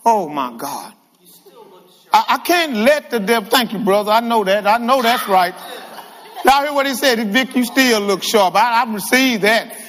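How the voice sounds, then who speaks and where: Man, lively humorous sermon, high voice, long hall reverb. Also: normal speed. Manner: animated, humorous, calls out to the congregation. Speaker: guest preacher. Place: church sanctuary with reverb.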